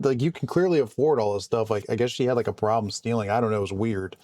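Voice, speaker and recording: Calm low-voiced man telling stories. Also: fairly quick, hardly any pauses. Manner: calm, conversational, frequent restarts. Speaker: vlogger and IT support worker. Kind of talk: casual storytelling to camera.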